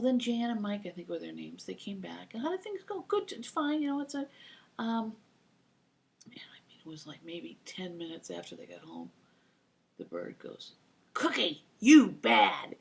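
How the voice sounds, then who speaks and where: A woman's voice: mid-range voice, gravelly. A woman in her fifties telling rambling personal stories to her computer mic, acting out the voices of the people she quotes. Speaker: vlogger. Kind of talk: casual anecdotal storytelling.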